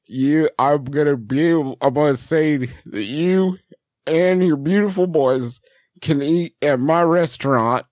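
A man's voice: a little high, slow, a little mellow, no echo, clean studio sound. A man doing a prank-call voice of a rambling, flustered small-town ham seller. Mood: awkward. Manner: awkward, oversharing, flustered prank-caller rambling. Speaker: prank caller.

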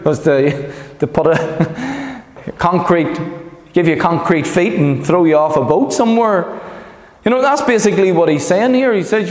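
A man's voice: high voice, expressive, normal speed. Brief: male pastor, chatty rambling sermon, long hall reverb. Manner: rambling, heavy on fillers, acts out quotes. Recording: echoey hall.

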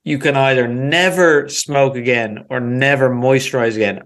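A man's voice: medium pitch, fairly even intonation, moderate pace, fairly bright tone. A man co-hosting a casual podcast, rambling easily through answers and swearing now and then. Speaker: podcast co-host.

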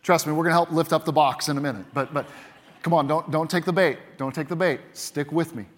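A higher-pitched man preaches from the pulpit, leaning hard into key words and then dropping to a hush. His voice rings out through the long reverb of a large church hall. Each point lands with insistent emphasis. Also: steady tone, quick pace, a little hiss or hum. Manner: emphatic, swings between loud punches and quiet drops. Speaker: pastor. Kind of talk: sermon.

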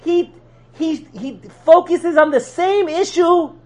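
At a slow pace, a male rabbi teaches a spirited Torah class, raising rhetorical questions and answering them with jokes. His voice swings between low, quiet tones and loud, high ones.

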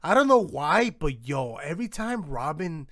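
A young man chats in a laid-back, slangy way. His voice sits fairly high for a man. The sound is dry and close. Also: sing-song, moderate pace, fairly bright tone, no echo. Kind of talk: casual chat.

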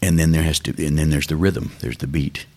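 A man's voice: very deep voice, fairly even intonation, a little fast, warm tone. A older man, a songwriter, talking thoughtfully and unhurriedly in an interview. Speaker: songwriter guest. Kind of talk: reflective interview talk.

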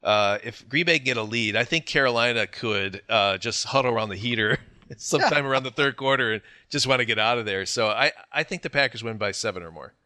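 Middle-aged male co-host, husky morning voice, easygoing and joking, bright forceful tone, dry close sound. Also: mid-range voice, a little fast, no echo. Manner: joking, chuckles through his sentences. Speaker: podcast co-host. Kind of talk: casual sports chat.

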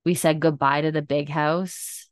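A woman's voice: deep voice, steady tone, measured pace, no echo, studio quality. A woman hosting a podcast, chatting casually and gushing about recent episodes, with lots of fillers. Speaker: podcast host. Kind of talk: casual chat recap.

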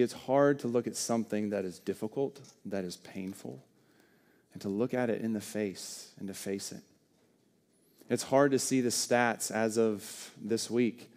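A man preaching a sermon, earnest and shifting between loud and soft for emphasis. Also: on the low side. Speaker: pastor.

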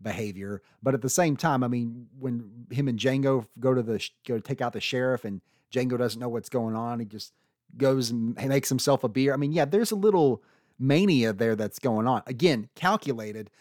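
A man's voice: mid-range voice, normal speed, a little mellow, no room sound. Earnest man arguing, dry sound. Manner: earnest, builds arguments with restarts. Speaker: podcast co-host arguing casting picks. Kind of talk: casual debate chat.

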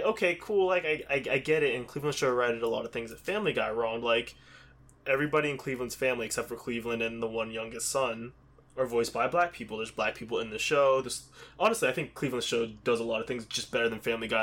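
A man from Pittsburgh in loose conversation, his voice sitting at an ordinary middle pitch. He rambles and restarts, padding his points with fillers. It sounds like an easygoing chat. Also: fast, a bit bright. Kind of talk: casual chat.

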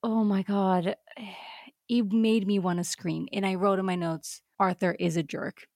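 Expressive woman chatting on a podcast. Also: mid-range voice, unhurried, no room sound, clean studio sound. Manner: expressive, exclaims often. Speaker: podcast co-host. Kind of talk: casual chat.

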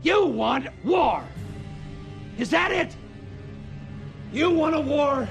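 An enraged commander in a TV drama, high gravelly shouts over faint music. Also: male voice, animated, takes it slowly, heavily acted. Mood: furious. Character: furious male station commander declaring war. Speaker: starship commander. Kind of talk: dramatic TV series acting.

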